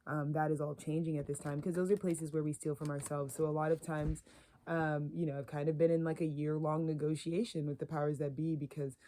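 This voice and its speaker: Mellow, flat-voiced woman musing on spirit. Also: low voice, fairly quick. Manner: filler-heavy, meandering, earnest. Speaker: spiritual content creator. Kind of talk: rambling spiritual monologue.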